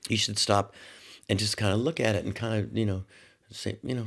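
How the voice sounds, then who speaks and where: A man telling a rambling, animated anecdote as a talk show guest, full of restarts and quoted dialogue. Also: fairly low pitch, normal speed, pauses often. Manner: animated storyteller. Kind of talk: casual anecdote.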